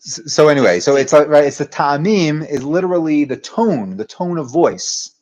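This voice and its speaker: Rabbi teaching, thinking aloud. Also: male voice, a little high, animated, moderate pace, a little mellow. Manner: discursive, many restarts, uses Hebrew terms. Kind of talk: interactive Torah class.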